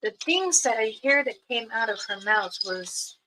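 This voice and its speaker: A woman elder telling a rambling spiritual story on a livestream, her voice jumping suddenly up in pitch. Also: expressive, unhurried, background noise. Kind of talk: casual spoken storytelling on a livestream. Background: music.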